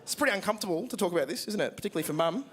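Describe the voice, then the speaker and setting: A young Australian comedian tells a stand-up story on a big theatre stage, acting out voices and swearing freely. His voice sits high for a man. Loud noise runs under the recording. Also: animated, very fast. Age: 20s. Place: large theatre stage with an audience.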